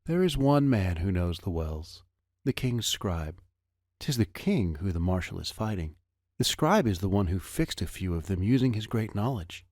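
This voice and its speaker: A man reading the part of a grave young woman held captive, speaking in measured, formal phrases. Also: low-pitched, very animated, darkish tone, dry recording, studio quality. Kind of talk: audiobook character reading.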